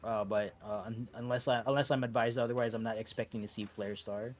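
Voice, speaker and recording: A man at mid pitch, calmly organizing an online game raid over voice chat. He talks loosely and haltingly, stopping to restart sentences and filling gaps with "uh". He sounds like he is on a headset mic at home. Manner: relaxed, halting, many fillers and restarts. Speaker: raid leader.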